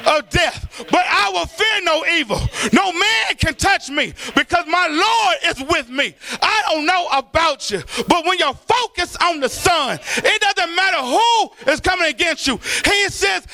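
Middle-aged male preacher, very high and sharp-toned, impassioned, shouting, musical cadence. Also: animated, measured pace, few pauses. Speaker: pastor. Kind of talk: sermon. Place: church.

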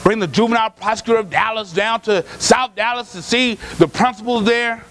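High-voiced preaching man. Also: fairly quick, slight background noise. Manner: storytelling preacher, acts out quotes, rises to shouts; colloquial, folksy phrasing. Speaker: pastor. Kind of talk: sermon.

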